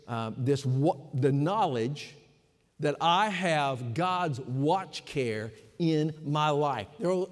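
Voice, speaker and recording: A man preaching a sermon slowly and with emphasis, pausing often between phrases. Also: a little high. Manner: slow, emphatic preaching with pauses. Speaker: pastor. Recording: long hall reverb.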